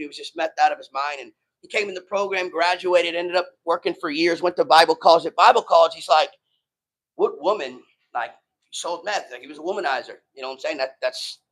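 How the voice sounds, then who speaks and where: A man's voice: a little high, a bit bright, poor audio. A middle-aged man giving a sermon to a live audience in a casual, street-talking way, often saying "man". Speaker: preacher.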